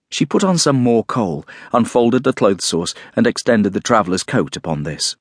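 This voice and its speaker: Male audiobook narrator, expressive and lively in pitch, low husky tone. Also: no room sound, studio quality. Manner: expressive, measured storytelling. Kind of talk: scripted narration of a classic novel.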